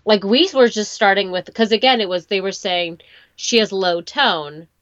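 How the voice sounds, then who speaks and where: A woman chatting casually, telling a lively story and slipping into the voices of the people in it. Her voice sounds somewhat muffled and lo-fi, and it is very dry, with no room sound. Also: mid-range voice, moderate pace, dry recording. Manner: animated storytelling, acts out quoted voices. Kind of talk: casual chat.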